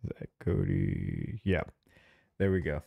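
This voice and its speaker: Animated laid-back male podcast host. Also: very deep voice, takes it slowly, gravelly, breathy edge, phone-quality sound. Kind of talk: casual chat.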